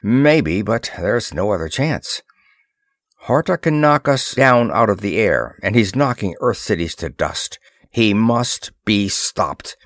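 A man's voice: lowish voice, animated, slow, a bit bright, no echo, studio quality, heavily acted. A man voicing a determined male expedition leader who talks bluntly and emphatically. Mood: firm. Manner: firm, clipped, emphatic speech.

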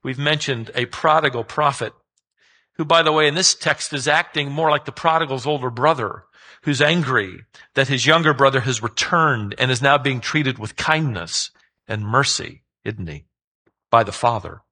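A man's voice: medium pitch, moderate pace, bright, forceful tone, rough recording. A man preaching a sermon as a pastor, emphatic and putting rhetorical questions to his listeners.

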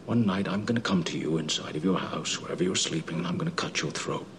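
Period heavy: ruthless oilman, vintage California accent, deep hushed threats. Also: fast, slight background noise. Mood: menacing.

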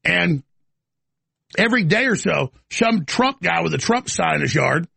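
A heated male talk host ranting live, rambling and tripping over restarts. His voice sits fairly high for a man, gravelly and husky, recorded dry and close. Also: animated, unhurried, bright, forceful tone, no echo. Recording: live studio broadcast.

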